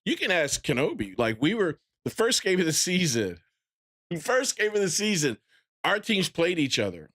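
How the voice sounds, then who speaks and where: A man in his thirties talks casually to his stream viewers in a slightly high voice. He is animated and breaks into loud excited bursts as he retells things. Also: moderate pace. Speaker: gaming streamer. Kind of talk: casual live-stream chat.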